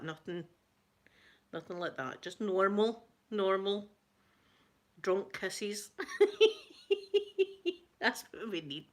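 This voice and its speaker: A woman's voice: medium pitch, fairly bright tone. A middle-aged Scottish woman hosting a live stream, chatting casually to viewers and telling funny gossip stories with frequent laughter. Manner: chatty storyteller, laughs often, greets chat viewers. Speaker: ASMR livestream host.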